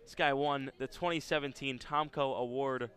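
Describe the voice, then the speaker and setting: A man giving baseball color commentary, casual and quick to cite player stats. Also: mid-range voice, fairly even intonation, fairly bright tone.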